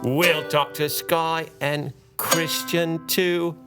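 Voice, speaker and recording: A man's voice: on the high side, level tone, drawn-out words, music in the background. A man putting on a jokey Australian voice with a playful, sing-song delivery.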